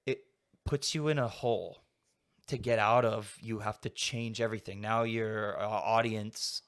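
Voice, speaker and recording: A man's voice: lowish voice, fairly even intonation, measured pace, fairly bright tone. A young adult man talking casually as a podcast guest, rambling and filling his sentences with "like". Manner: rambling, heavy use of "like" fillers. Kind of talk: casual conversation.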